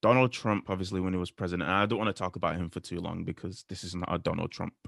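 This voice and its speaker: A man co-hosting a podcast, talking earnestly and quoting scripture in a measured way. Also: deep voice, level tone, creaky, fairly bright tone, no echo, studio quality. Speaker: podcast co-host. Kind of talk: casual faith discussion.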